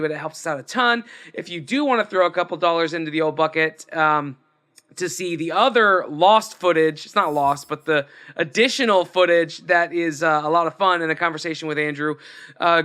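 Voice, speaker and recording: Male podcast co-host, upbeat and jokey, bright smooth voice, fairly high. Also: a little fast. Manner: upbeat, jokey, runs the outro plugs. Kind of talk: casual podcast chat.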